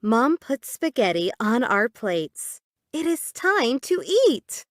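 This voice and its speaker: A woman reading children's stories aloud for English learners in a clear, deliberate, expressive way. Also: fairly high pitch, dry recording, clean studio sound. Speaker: audiobook reader.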